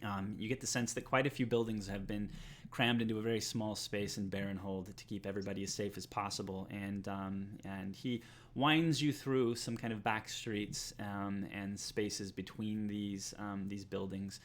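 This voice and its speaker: A man narrating a tabletop game as game master, halting with many filler sounds. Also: on the low side, little pitch movement, a little hiss or hum.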